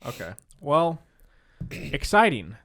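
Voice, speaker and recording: A man's voice: fairly high pitch, big pitch swings, takes it slowly, fairly bright tone. A young man co-hosting a podcast, chatting casually and laughing as he reads comments aloud. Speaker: podcast co-host. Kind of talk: casual chat.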